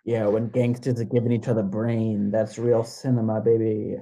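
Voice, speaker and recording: A man's voice: fairly low pitch, flat delivery, normal speed, warm tone, slight background noise, rough recording. A man on a casual podcast, riffing with crude banter. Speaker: podcast guest.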